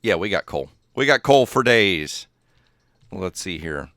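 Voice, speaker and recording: A man's voice: low-pitched, sing-song, measured pace, a bit bright, no echo, clean studio sound. A man chatting casually while livestreaming a game, rambling and easily distracted, often laughing at his own jokes. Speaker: gaming livestreamer.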